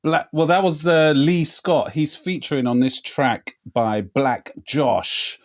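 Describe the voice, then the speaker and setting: A man's voice: on the high side, slow. A man hosting a podcast in casual chat, rambling and laid-back, swearing freely. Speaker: podcast host.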